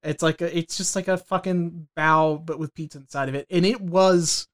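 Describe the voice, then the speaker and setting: A man with a slightly high voice co-hosts a casual podcast. He talks loosely and swears casually. He also reads news items aloud between jokes. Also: fairly even intonation, normal speed. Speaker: podcast co-host.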